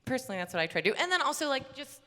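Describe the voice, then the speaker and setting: Woman voice actor, bubbly panel chat, bright tone, echoey hall. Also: high voice, sing-song, very fast. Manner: bubbly, laughing, rambling anecdotes.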